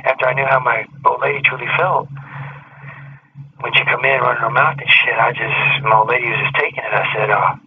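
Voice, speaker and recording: A man's voice: medium pitch, flat delivery, brisk. A man talks through a story in loose, rambling chat, swearing freely and tossing in street slang. The recording is muffled and lo-fi, with a faint hum underneath. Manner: rambling, profane, street slang like dude and dog. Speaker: podcast talker. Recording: dull lo-fi sound with faint hum.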